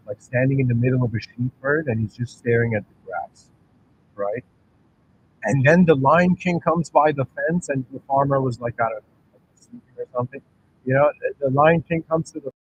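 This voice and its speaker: A man's voice: mid-range voice, a little hiss or hum, poor audio. A man telling a story in a casual explanatory talk, rambling, correcting himself and often checking in with listeners. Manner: rambling, self-correcting, keeps asking "right?". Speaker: channel host.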